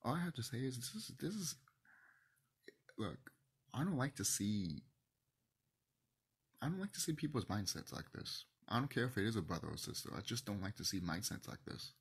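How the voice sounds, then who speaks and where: A man ranting in a passionate monologue to camera, swinging between loud outbursts and hushed near-whispers, emotional and swearing. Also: medium pitch, big pitch swings, normal speed, pauses often, breathy edge. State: emotional, teary. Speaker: video host.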